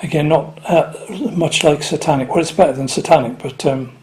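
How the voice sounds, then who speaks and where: Unhurried man with dry asides. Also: on the high side, fairly even intonation, a little mellow. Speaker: record collector. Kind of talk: casual talk to camera.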